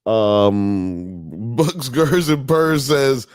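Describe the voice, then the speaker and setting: A man's voice: fairly low pitch, slow pace, dry recording, studio quality. A man hosting a podcast live stream, chatting casually in a profane, joking, rambling way. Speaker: podcast host.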